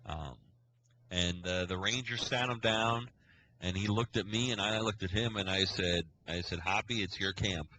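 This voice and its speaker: Deep-voiced man telling a rambling story. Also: normal speed, pushed and bright, a little hiss or hum, rough recording. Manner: rambling storyteller who acts out quoted dialogue. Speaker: scoutmaster, podcast co-host. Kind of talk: casual podcast storytelling.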